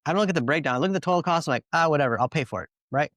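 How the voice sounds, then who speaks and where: A man's voice: a little high, rapid-fire, dry recording, studio quality. Rambling male podcast host telling a story. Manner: rambling, filler-heavy, animated storytelling.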